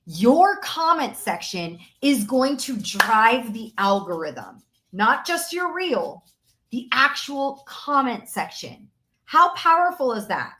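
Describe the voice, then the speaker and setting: A high-pitched woman hosts a live-stream coaching session. She talks with energy and preaches, repeating her main points for emphasis. She sounds like a business coach rallying her audience. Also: very animated, takes it slowly, a bit bright.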